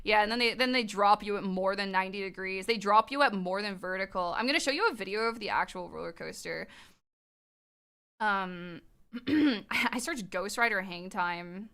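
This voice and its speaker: A young adult woman streaming live, chatting casually with her viewers, excitable, laughing often and swearing freely. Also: medium pitch, moderate pace.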